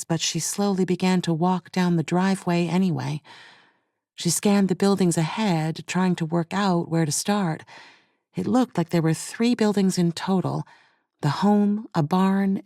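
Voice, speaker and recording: A woman narrating a thriller audiobook with a voice a little lower than most. She tells the story in a measured, even way. The recording is close and very dry. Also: no room sound. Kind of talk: scripted narration.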